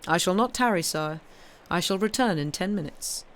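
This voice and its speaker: A woman's voice: lowish voice, lively intonation, moderate pace. A woman reading aloud, voicing a dutiful, flustered male minister. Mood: deferential. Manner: deferential, explaining.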